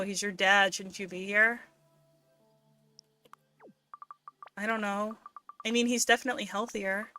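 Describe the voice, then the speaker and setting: A woman's voice: mid-range voice, pushed and bright, slight background noise, lightly acted. A woman voicing a weary, uncertain teenage girl who talks in hesitant, muttered lines. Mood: unsure. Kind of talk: reading game dialogue aloud on a stream.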